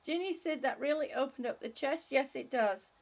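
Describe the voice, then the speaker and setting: An older woman hosting a casual livestream, calling out gentle stretches and chatting with viewers as she reads their comments aloud. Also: high voice, normal speed. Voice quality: breathy at times. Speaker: livestream host leading stretches. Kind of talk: casual livestream chat and exercise cues.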